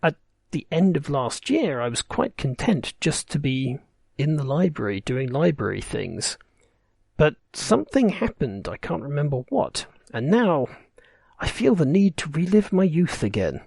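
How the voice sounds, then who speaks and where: A man's voice: fairly high pitch, very animated, measured pace, creaky, a little mellow, breathy edge, no echo, studio quality, heavily acted. A man voicing a prim, polite ghost librarian woman who speaks in a distant, whispery voice. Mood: wistful. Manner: polite, reproachful.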